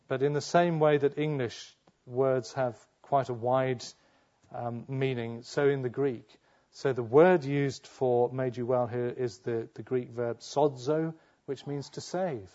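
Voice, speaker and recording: A man's voice: medium pitch, a little mellow, lo-fi sound. A man preaching a sermon, asking his listeners rhetorical questions and acting out the voices he quotes.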